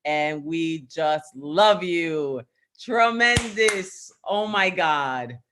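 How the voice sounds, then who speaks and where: A woman's voice: low voice, drawn-out words, background noise. A woman hosting an online open mic over a video call, gushing and emotional as she wraps up.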